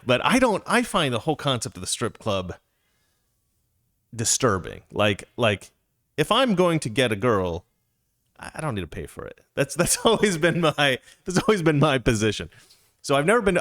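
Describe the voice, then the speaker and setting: A man's voice: mid-range voice, fairly bright tone. A middle-aged man telling a rambling, chatty story as a casual monologue, with playful asides.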